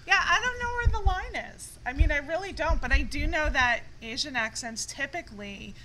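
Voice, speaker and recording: High-voiced, insistent woman co-host. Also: lively intonation, moderate pace, noisy background. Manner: insistent, argumentative. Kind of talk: casual panel chat.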